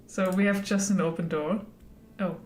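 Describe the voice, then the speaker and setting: A woman's voice: fairly low pitch, fairly even intonation, normal speed, a little hiss or hum. A woman streaming a narrative game, reading its text aloud and chatting with frequent giggles. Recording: roomy echo with faint music.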